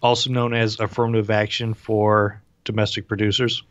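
A man's voice: on the low side, level tone, moderate pace, a bit bright, no echo. A man co-hosting a podcast, making wry jokes in casual political chat. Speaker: podcast co-host. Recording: dull lo-fi audio.

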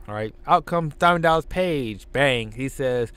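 A man's voice: mid-range voice, animated, unhurried, hardly any pauses, a bit bright, clean tone. A man casually narrating a wrestling game in loose, self-correcting storytelling.

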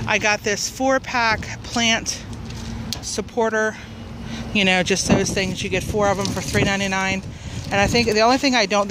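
A woman's voice: medium pitch, noisy background. A woman rambling casually in a haul vlog, with lots of fillers and restarts, a bit out of breath, outdoors in a parking lot. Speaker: vlogger.

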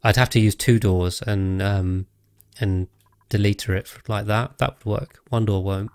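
A man's voice: lowish voice, steady tone, normal speed, darkish tone, clear, resonant tone, no room sound, clean studio sound. A man streaming a video game live, thinking aloud and chatting casually with his viewers as he plays. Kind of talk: casual live gameplay commentary.

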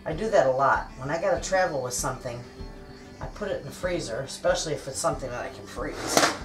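A middle-aged woman talks to her viewers as friends in a chatty, folksy way while cooking at home. Her voice sits a little low. She stands back from the mic, with soft music playing under her. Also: fast talker, distant mic. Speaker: cooking vlogger. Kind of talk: casual kitchen chat while cooking. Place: home kitchen.

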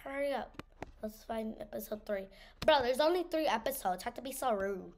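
A woman's voice: fairly high pitch, animated, moderate pace, slight background noise. A woman giving casual gameplay commentary, teasing and saying "bro" a lot. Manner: teasing, says "bro" a lot, scared outbursts. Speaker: gamer.

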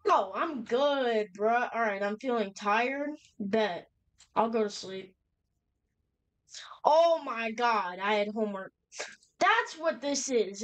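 A woman's voice: on the high side, poor audio. A young woman casually commenting as she plays a horror game, chatty and nervous, reacting aloud with slang. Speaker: gamer playing a horror game. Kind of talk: casual let's-play commentary.

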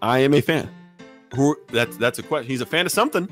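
A guest gamer chatting casually on a reaction video, joking with low deadpan asides. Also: fast talker, soft background music. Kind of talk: casual gaming reaction chat.

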